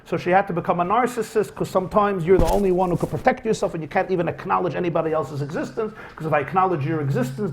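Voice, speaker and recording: A high-pitched male rabbi teaches a class in a lecture hall with a live audience, delivering a story as a lecture. He animatedly acts out the dialogue over slight background noise.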